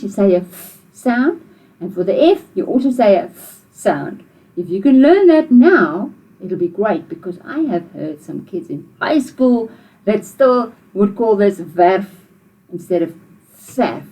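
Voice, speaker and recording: Husky, slow-talking South African teacher. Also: female voice, medium pitch, mellow, poor audio. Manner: patient, encouraging, repeats phrases slowly for learners. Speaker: Afrikaans language teacher. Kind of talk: video language lesson for children.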